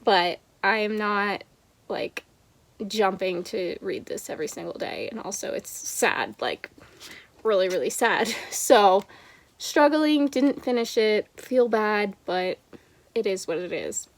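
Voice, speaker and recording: A young woman talking through her month of reading in a casual home vlog, chatty and expressive, reading short passages aloud softly. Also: mid-range voice, takes it slowly. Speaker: book vlogger.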